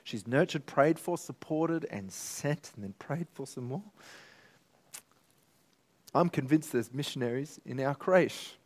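A man's voice: a little high, lively intonation, slow pace, pauses often. A man preaching a sermon as pastor, earnest and emotional, rising to emphatic peaks. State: tearful at times.

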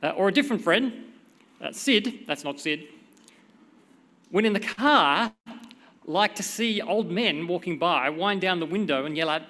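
A middle-aged man preaching a sermon in a conversational, expressive way, with a short prayer and personal stories. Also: high-pitched, unhurried, pauses often. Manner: conversational, expressive, reads scripture dramatically. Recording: long hall reverb.

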